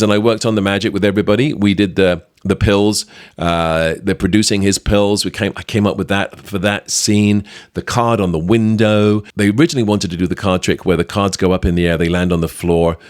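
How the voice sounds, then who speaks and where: A middle-aged British man hosting a podcast, chatting lively through a behind-the-scenes anecdote with plenty of fillers. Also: lowish voice, no echo, studio quality. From Britain. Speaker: podcast host. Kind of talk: storytelling anecdote.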